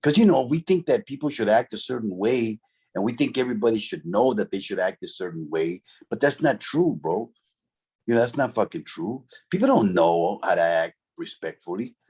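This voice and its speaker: This interview guest, a middle-aged ex-convict, shares a story from his past with streetwise, profane casualness, leaning on "bro" and "right?". His lowish voice is darkish and slightly rough, with lively intonation at a moderate pace.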